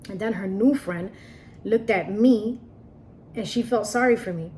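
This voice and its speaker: A woman's voice: mid-range voice, measured pace, a little mellow, a little hiss or hum. A woman telling a personal story in a casual, earnest way, often repeating herself and restarting sentences. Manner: repetitive, earnest, frequent restarts and "like".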